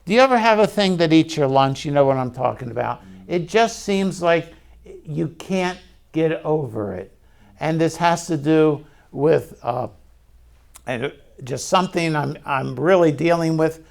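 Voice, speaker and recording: A man preaches in a relaxed, conversational style, and his voice sits fairly high. He talks slowly, stopping to put questions to his listeners, and speaks openly about his own struggles. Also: creaky. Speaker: pastor. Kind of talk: sermon.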